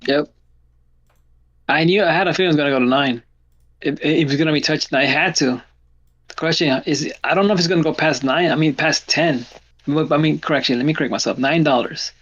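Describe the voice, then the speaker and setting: A man's voice: on the high side, fairly quick, muffled recording. A man hosting a live trading stream, telling stories in casual chat with lots of restarts. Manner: animated storytelling with lots of restarts. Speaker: stream host.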